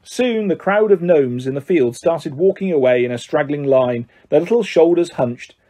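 Male storybook narrator, lively and expressive, mellow husky tone. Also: a little high, moderate pace. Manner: expressive, animated reading. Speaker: audiobook narrator. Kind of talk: scripted narration.

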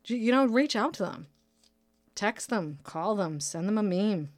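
A nurse from Brockton, Massachusetts, USA, around her thirties, hosts a casual solo podcast where she rambles with jokes and profanity. Her medium-pitched voice is animated and unhurried, with no room sound.

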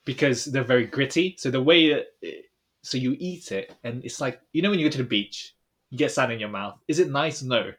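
A man's voice: mid-range voice, expressive, fairly quick. Young dude rambling about his trip on a podcast, lots of ums, trails off. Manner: rambling storyteller, trailing off quietly, many fillers. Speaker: podcast co-host. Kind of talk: casual chat.

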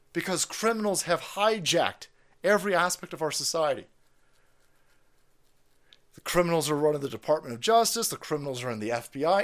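Foul-mouthed, animated ranting man. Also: on the high side. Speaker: political stream host. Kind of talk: profane ranting commentary.

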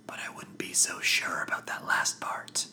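A man voicing a cold, amused female inquisitor in a low, menacing whisper while narrating a story. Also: steady tone, slow, background noise. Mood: coldly amused. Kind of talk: narrated audiobook acting. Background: background music.

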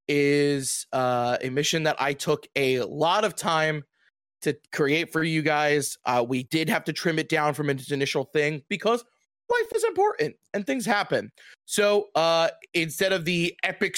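A man's voice: a little high, a bit bright, no room sound. A man narrating as game master of a tabletop game over a voice call, upbeat and playful with loose narration.

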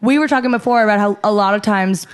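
A woman's voice: mid-range voice, quick pace, clean tone. A young woman telling a story in casual chat, laughing often as she talks. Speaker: podcast co-host.

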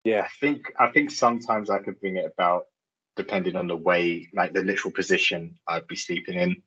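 A man with a very low, husky voice that still has a bright, forceful edge. He chats in a relaxed, reflective way, and the recording sounds dull and lo-fi. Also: a little fast. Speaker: podcast co-host. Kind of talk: casual chat.

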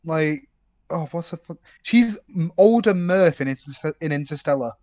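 Animated joking man with a fairly high voice. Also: normal speed. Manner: animated, joking, quotes actors' lines. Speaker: podcast co-host. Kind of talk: casual film discussion.

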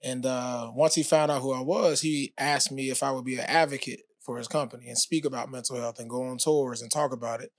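A man, a former pro athlete, telling his story as a podcast guest in a relaxed, casual way with many fillers. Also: medium pitch, brisk, hardly any pauses, dry recording, studio quality. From United States. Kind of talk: casual interview talk.

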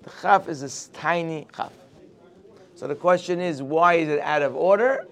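A man's voice: fairly high pitch, normal speed, fairly bright tone. A man teaching a morning Torah class, telling the story expressively and mixing Hebrew quotes with English. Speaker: religious teacher.

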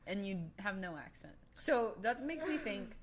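A woman's voice: medium pitch, animated, normal speed, crowd noise. Teasing young woman podcast host. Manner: teasing, laughs often, asks lots of questions. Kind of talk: casual chat.

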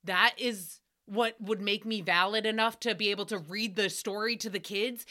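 Podcast host, woman, thirties, bright and sarcastic, casual riffing delivery. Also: fairly high pitch. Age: 30s. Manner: sarcastic, riffing, swears freely.

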